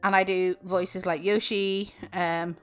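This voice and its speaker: A woman's voice: lowish voice, little pitch movement, slow, clear, resonant tone, faint music behind. A woman, chatting casually on stream in a teasing, giggly way and telling folk tales. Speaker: streamer and voice actress. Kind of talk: casual chat and folklore storytelling.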